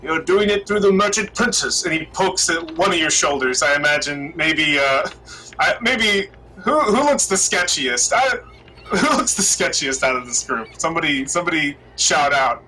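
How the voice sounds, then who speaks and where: A man's voice: a little high, expressive, normal speed, pushed and bright, a little hiss or hum, low-quality recording. A man narrating as game master of a tabletop game, casual and chatty, often laughing.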